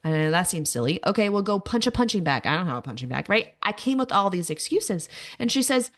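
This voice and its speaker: Talking a little fast in a sing-song, mid-range voice, a podcast host in her thirties gives a personal monologue. She's candid about her life and sprinkles in jokes at her own expense.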